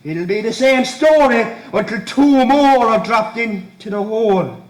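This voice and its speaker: A man's voice: high voice, expressive. An actor playing an odd, brooding young Irish countryman who repeats himself when frightened, on stage. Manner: halting, repeats words, fearful. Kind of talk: amateur stage play. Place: stage in a hall. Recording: echoey hall from far off.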